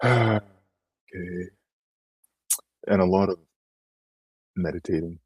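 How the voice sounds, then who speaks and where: Deep husky guy telling a long rambly story, dry close sound. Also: fairly even intonation, normal speed, no room sound, lo-fi sound. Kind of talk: casual conversation.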